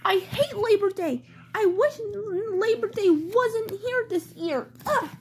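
A woman's voice: extremely high pitch, animated, slow pace, slight background noise, heavily acted. A woman voicing a grumpy, bossy young girl doll who whines and sulks, in toy play storytelling. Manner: whiny, sulky, pouting.

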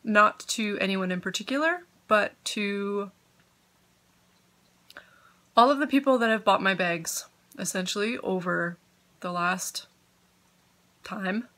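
A woman's voice: medium pitch, slow, long pauses, fairly bright tone. A woman hosting a podcast from home, chatting casually and giggling as she gets sidetracked. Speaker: podcast host. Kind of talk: casual chat.

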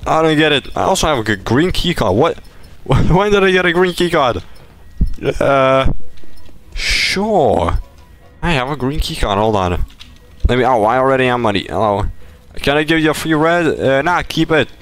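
A man's voice: medium pitch, animated, normal speed, faint music behind. A man streaming live gameplay, talking playfully and boastfully to his chat and teammates. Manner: playful, boastful, bursts into laughs and shouts.

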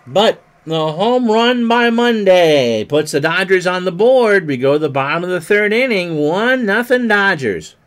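A man calls a simulated baseball game alone in a fairly high, stuffy voice. He gets loud on hits and homers and drops low and quick for his asides. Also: lively intonation. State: stuffy from sneezing. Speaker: play-by-play commentator of a simulated game. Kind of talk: solo play-by-play commentary.

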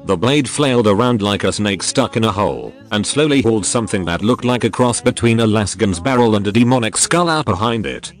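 A male text-to-speech voice narrating a scripted story with an even, steady delivery. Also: fairly low pitch. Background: faint background music.

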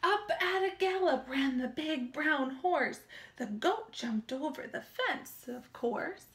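High, slow, sing-song woman reading to children. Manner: sing-song, animated, asks children questions. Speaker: children's librarian. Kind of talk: children's story time reading with sign language. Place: small room.

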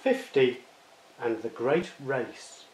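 Slow, mellow man reading a picture book. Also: medium pitch, a little hiss or hum. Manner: expressive read-aloud storytelling. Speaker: storybook reader. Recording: roomy echo.

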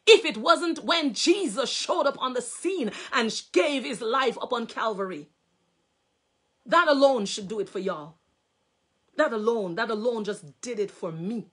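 A woman's voice: high voice, very animated, normal speed, fairly bright tone, husky. A woman minister preaching a sermon, reading scripture aloud and explaining it with fervent bursts of praise and repeated phrases for emphasis. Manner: fervent, breaks into exclamations of praise.

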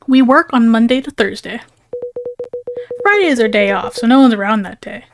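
A friendly, chatty female office worker in a video game, read by a woman. She sounds easygoing and welcoming, with a slightly high voice. Game music plays in the background. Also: animated, normal speed.

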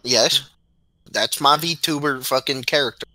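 Bright-voiced joking young man. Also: medium pitch, a little slow, no room sound. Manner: joking, teasing, loose and crude. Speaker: gamer friend. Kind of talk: casual gaming chat.

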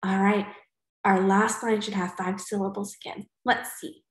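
A woman teacher giving a recorded poetry lesson to young students, cheerful and slow, clapping out syllables and sometimes whispering. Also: medium pitch, little pitch movement, roomy sound, poor audio. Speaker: elementary school teacher.

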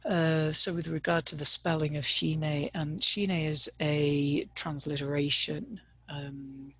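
A woman's voice: low voice, fairly even intonation, slow, a bit bright, husky, dry recording. A woman leading a meditation discussion on a video call, talking hesitantly and searching for words. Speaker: meditation teacher. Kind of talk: casual teaching talk on a video call.

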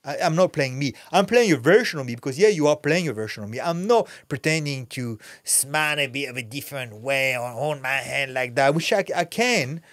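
As a podcast guest, a middle-aged actor and former fighter talks candidly, blunt and intense and swearing freely. His medium-pitched voice is expressive and fairly quick, with hardly any pauses and no echo.

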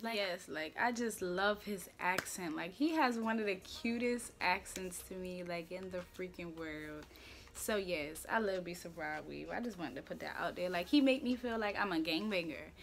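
A woman's voice: on the low side, moderate pace. A young woman, hosting her own casual talk show from home in a playful, opinionated, slangy way. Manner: chatty, playful and opinionated, with slang and filler words. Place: room at home.

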